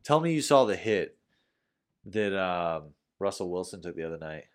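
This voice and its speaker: Lower-voiced young man, lively sports banter. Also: normal speed, clear, resonant tone. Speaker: podcast co-host. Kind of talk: casual sports chat.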